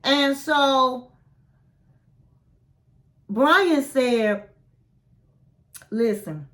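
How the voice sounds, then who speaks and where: A woman's voice: sits high, extremely slow, a bit bright. A woman retelling a reality show episode in a chatty recap, acting out what the people said and adding her own blunt asides. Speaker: recap vlogger.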